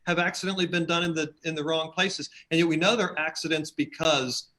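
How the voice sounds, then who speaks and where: A man's voice: fairly high pitch, fairly quick. A man guesting on a podcast, chatting casually and telling stories with acted-out quotes. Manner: storytelling, acts out quotes in animated voices. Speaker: podcast guest, team leader. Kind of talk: casual chat.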